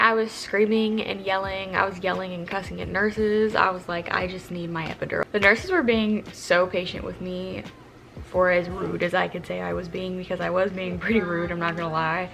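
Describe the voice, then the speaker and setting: Young woman, vlogger, casual storytelling, gravelly voice, low-ish pitch, blunt and profane. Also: slight background noise. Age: young adult. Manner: candid, profane, animated retelling.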